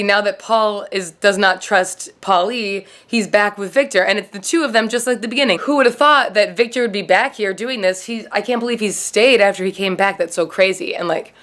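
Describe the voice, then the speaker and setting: A woman hosting a casual TV recap vlog, rambling and swearing freely, with "like" in nearly every sentence. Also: medium pitch. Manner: rambling, profane, heavy on "like". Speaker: show host.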